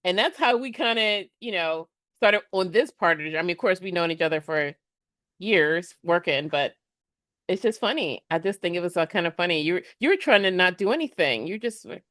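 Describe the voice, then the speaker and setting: A woman's voice: lowish voice, expressive, brisk, fairly bright tone, no echo, clean studio sound. A woman who coaches small businesses, talking casually and laughing often as she retells conversations. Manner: chatty, laughs often, retells with quoted voices.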